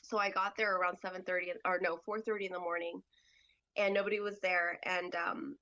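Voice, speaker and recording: A woman guest on a podcast, telling a personal story in a halting way, full of "like" and "you know". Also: on the low side, flat delivery, sharp tone, highs cut off.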